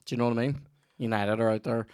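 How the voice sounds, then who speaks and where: A man's voice: mid-range voice, steady tone, fast, a little mellow, no room sound, clean studio sound. A young man hosting a casual comedy podcast, sweary and rambling, often trailing off mid-thought. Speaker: podcast host.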